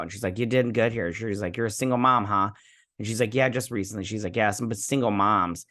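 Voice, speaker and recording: In a mid-range, fairly bright voice, a man hosts a casual review of an episode. His retelling of the scenes rambles along with snarky side comments and frequent "she's like" quotes.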